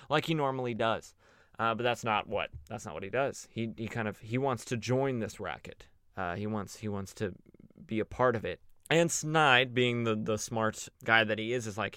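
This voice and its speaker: A man's voice: fairly low pitch, moderate pace, a bit bright, smooth, no room sound, studio quality. A young man casually retelling a comic story as a podcast host, loose and chatty with lots of fillers. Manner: loose and chatty, many fillers, playful voices for quoted characters. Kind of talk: casual comic recap with acted quotes.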